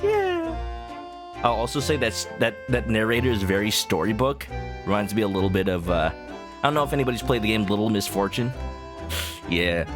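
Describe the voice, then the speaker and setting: A man's voice: lowish voice, wildly swooping pitch, moderate pace, music in the background. A young adult man streaming a game, chatting playfully as he reads along. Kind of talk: gameplay commentary.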